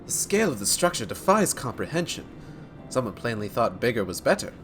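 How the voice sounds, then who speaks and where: A grandiose male scholar from a fantasy game, as a man reads him out, lecturing in ornate, old-fashioned phrases. His mid-range voice swoops and rises with lively emphasis. Faint game music plays underneath. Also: mid-range voice, fairly quick. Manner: formal, elaborate old-fashioned speech. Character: learned male historian, grand and wordy.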